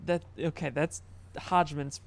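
Halting, chatty podcast host man. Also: on the high side, fairly even intonation. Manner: halting, restarts often, laughs at himself. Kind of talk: casual chat.

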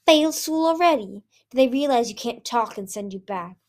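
A woman's voice: fairly high pitch, animated, moderate pace. A woman voicing a cruel, commanding male dragon guard who mocks the others. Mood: mocking. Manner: mocking, commanding.

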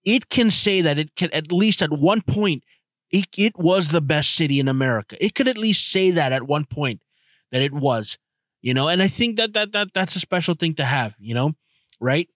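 Male podcast host, casual talk, a little high-pitched, a loose rambling delivery with many restarts. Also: expressive, normal speed, fairly bright tone, no echo. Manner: rambling, stumbles and repeats words. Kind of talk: casual solo monologue.

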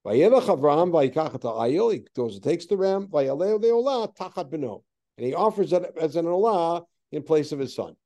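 A man teaching a text study class, his pitch rising and falling a great deal as he reads verses and asks his students questions. His voice is mellow and dark, with a slightly higher pitch than most men. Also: moderate pace. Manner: lively, questioning, reads Hebrew verses then explains.

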